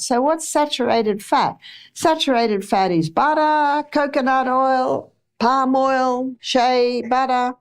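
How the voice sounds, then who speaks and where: A middle-aged woman giving a chatty health lecture to a live audience, with homely anecdotes and acted-out examples. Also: on the high side.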